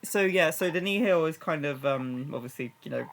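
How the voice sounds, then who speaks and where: Eager young man, slightly higher voice. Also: fairly bright tone. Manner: enthusiastic, halting, lots of fillers. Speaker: guest commentator, episode writer. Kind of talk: casual commentary chat.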